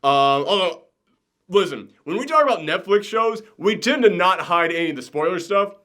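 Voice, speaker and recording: A man hosting a casual review chat, animated and ranting, swearing and laughing as he goes. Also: high voice, moderate pace. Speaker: podcast co-host reviewing a TV show.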